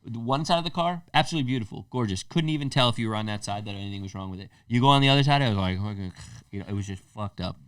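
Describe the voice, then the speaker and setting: A man with a lowish voice co-hosts a casual podcast, spinning loose stories with plenty of swearing. He sits a little away from the microphone, and the room around him is dry. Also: racing, smooth, no room sound, recorded from a distance. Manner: loose, storytelling, swearing freely. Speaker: podcast co-host. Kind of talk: casual chat.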